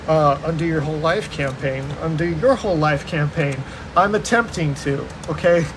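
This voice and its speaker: A man jokes and rambles in casual banter, his voice sitting a bit high. He talks with a mock-dramatic edge. An air conditioner hums clearly behind him. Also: normal speed, background noise.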